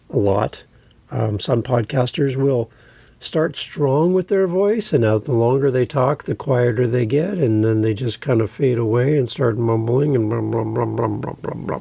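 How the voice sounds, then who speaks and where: Gravelly-voiced man coaching podcasters. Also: medium pitch, mellow, no room sound. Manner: deliberate, coaching, repeats key points. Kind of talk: instructional podcast talk.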